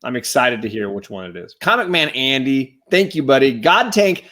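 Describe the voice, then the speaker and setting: Enthusiastic man chatting on a live stream, middle pitch, casual. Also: moderate pace. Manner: enthusiastic, animated shout-outs. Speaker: guest co-host.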